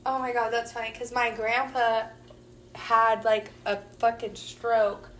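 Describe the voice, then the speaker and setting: A woman's voice: fairly high pitch, level tone, measured pace, fairly bright tone, a little hiss or hum. A woman co-hosting a podcast, telling a story in a casual, profane, laughing way. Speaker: podcast co-host.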